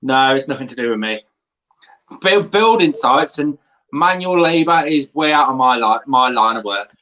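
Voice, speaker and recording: A man's voice: mid-range voice, animated, normal speed, sharp tone, highs cut off, a little hiss or hum. A man hosting a live stream, joking with guests and reading out chat messages. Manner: joking, banters and reads chat. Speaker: host, YouTuber.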